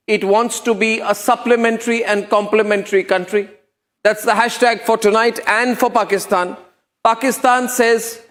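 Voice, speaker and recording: A man hosts a TV news debate in a very high, strained voice. He drives a scornful, sarcastic monologue, pressing on with rhetorical questions. His voice carries a long hall reverb. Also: fairly bright tone. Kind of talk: heated televised monologue.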